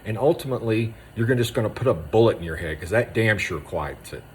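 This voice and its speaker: A male veteran with a low-pitched voice delivers a raw, intense monologue. He hammers short phrases over and over and often sinks into a hushed tone. Faint noise sits under the recording. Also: expressive, quick pace. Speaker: Army veteran speaking on moral injury.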